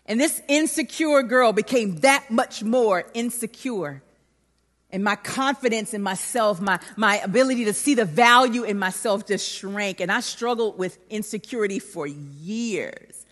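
A woman preaching a sermon in a large hall, telling a personal story with animated emphasis. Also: medium pitch, unhurried. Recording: long hall reverb.

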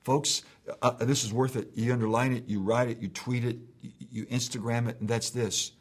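A man's voice: mid-range voice, little pitch movement, normal speed. A middle-aged man preaching a sermon as pastor in his church, emphatic, with repeated phrases that build to rising calls.

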